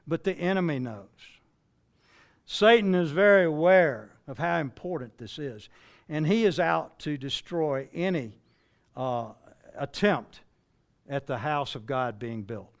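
A man's voice: on the high side, unhurried. An older man preaching a sermon in a conversational way, asking listeners rhetorical questions and often restarting phrases. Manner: restarts and stumbles mid-phrase.

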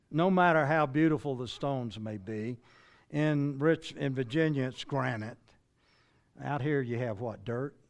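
An older man preaching a sermon in a fairly high voice. He keeps it conversational, putting rhetorical questions to his listeners and often stumbling and restarting mid-phrase. His delivery swings between quiet asides and emphatic, raised lines.

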